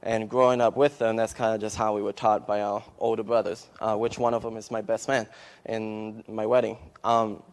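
At a church service, a male missionary gives an emotional testimony before starting a sermon, halting often with fillers and restarts. His voice is lowish and smooth, with little pitch movement.

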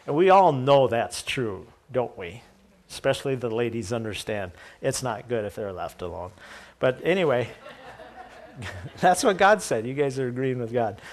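A man's voice: mid-range voice, lively intonation, moderate pace. A man preaching a sermon, reading scripture aloud and then explaining it casually with jokes and asides to the congregation. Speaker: pastor.

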